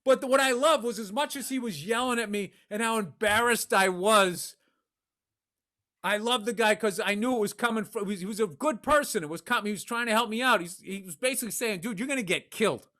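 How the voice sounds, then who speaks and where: Animated, profane man telling a story. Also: high-pitched, brisk. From Massachusetts. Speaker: podcast co-host. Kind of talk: storytelling in casual chat.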